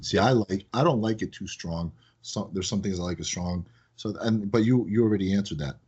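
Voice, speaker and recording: A man who owns a business, chatting in a casual podcast and telling animated stories that act out his phone calls. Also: on the low side, a little fast, breathy edge, lo-fi sound. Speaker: business owner, guest.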